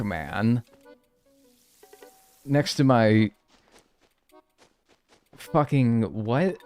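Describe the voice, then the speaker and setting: Male streamer, casual and jokey, swears freely, soft music underneath. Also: mid-range voice, normal speed. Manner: playful, bantering with chat, swears, mock-outraged. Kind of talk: casual live-stream chat.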